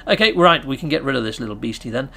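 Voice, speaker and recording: A British man hosting a gaming channel, giving excitable, chatty gameplay commentary and cheering himself on. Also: mid-range voice, very fast, creaky.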